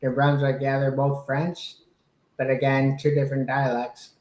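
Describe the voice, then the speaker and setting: Halting man in an echoey room. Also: medium pitch, flat delivery, darkish tone. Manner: halting, many uhs and pauses. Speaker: panelist. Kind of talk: casual video-call chat. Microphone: video call.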